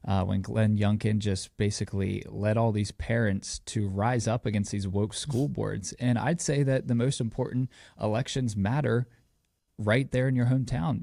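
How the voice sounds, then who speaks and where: A man's voice: lowish voice, creaky, dark tone, dry recording, studio quality. A man hosting a podcast interview, asking questions in an agreeable, appreciative way. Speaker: podcast host.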